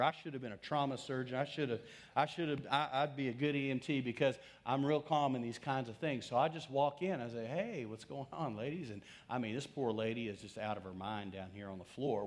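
A middle-aged male pastor preaching a sermon, telling a story and putting questions to his congregation. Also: medium pitch.

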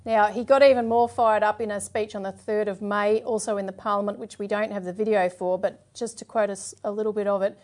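A woman's voice: mid-range voice, brisk, hardly any pauses. A woman co-hosting a political commentary show, explaining steadily and reading out quotes. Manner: steady, explanatory, frequent "yeah" and "um". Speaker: co-host.

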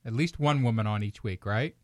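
A man's voice: on the low side, brisk, no echo. Joking male podcast host, dry sound. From Kentucky. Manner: joking, teasing, laughs often. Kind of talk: casual comedy podcast chat.

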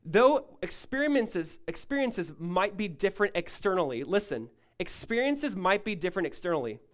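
A male pastor preaching a sermon, emphatic and rising loud, then dropping to a hushed tone, often asking listeners to follow along. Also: sits high, sing-song, moderate pace. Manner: asks the congregation to follow along.

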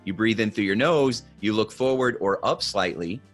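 A man with a lowish voice explains things at an easy podcast pace. He coaches the listener step by step and keeps checking in with a quick "okay?" or "right?". Soft music sits faintly behind him. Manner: coaching, instructive, asks "okay?" and "right?" often. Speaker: guest expert on body language. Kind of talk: conversational podcast advice.

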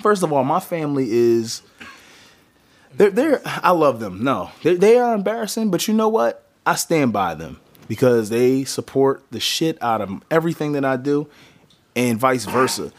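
A man hosting a casual podcast, rambling and joking as he goes. His voice sits at an everyday middle pitch. He is recorded in a small home studio. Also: big pitch swings, normal speed. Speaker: podcast host. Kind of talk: casual chat.

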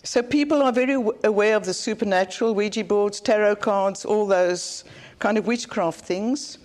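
A woman's voice: mid-range voice, moderate pace, a little mellow. Earnest South African woman preaching. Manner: earnest, plain-spoken preaching with repetition. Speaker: conference speaker. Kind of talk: sermon.

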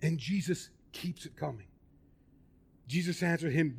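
A man preaching a sermon, emphatic and animated, putting questions to the congregation. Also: a little high, a little slow, vocal fry, breathy edge.

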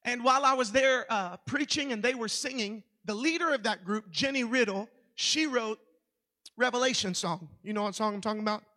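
High-voiced Southern preacher. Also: male voice, brisk, big-room sound. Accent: American Southern. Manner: building to shouting, preachy cadence. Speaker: pastor. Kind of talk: revival sermon. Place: church hall.

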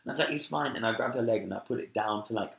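A man from London with a London accent telling a story in an animated, chatty way, often adding "like" and "right?". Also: on the low side, racing, vocal fry. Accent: London English. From London, England. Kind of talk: casual anecdotal storytelling. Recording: roomy echo.

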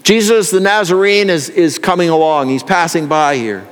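A man's voice: a little high, normal speed, smooth, big-room sound. A male pastor delivering an earnest sermon that builds in intensity.

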